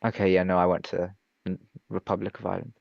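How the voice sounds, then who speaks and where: A man's voice: low voice, level tone, fast talker, gravelly, muffled recording. A man taking a flying lesson over a video call, hesitant and stumbling, restarting words and apologizing. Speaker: flight student. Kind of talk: casual online lesson.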